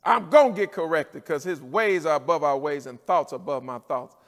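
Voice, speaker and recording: Preaching man in a reverberant church. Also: moderate pace. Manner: preacher's cadence, swinging from low and quiet to shouting. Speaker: pastor. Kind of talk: sermon.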